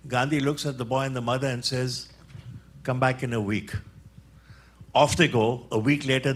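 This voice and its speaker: A man's voice: mid-range voice, husky. A man in his seventies from India, telling a personal story at a conference and acting out the people in it. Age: 70s. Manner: vivid storyteller, acts out quoted voices. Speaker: conference speaker. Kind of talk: storytelling talk. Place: conference hall.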